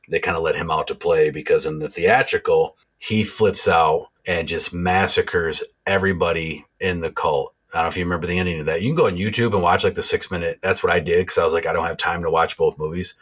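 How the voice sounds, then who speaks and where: A man's voice: low voice, fairly bright tone. A man co-hosting a podcast, recapping a horror film in rambling, profane casual chat. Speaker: podcast co-host.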